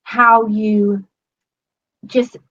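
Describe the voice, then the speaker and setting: A woman's voice: mid-range voice, little pitch movement, extremely slow, fairly bright tone, dull audio. A woman giving a casual testimonial to her coach, gushing and swearing often, with many fillers. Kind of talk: casual video-call testimonial.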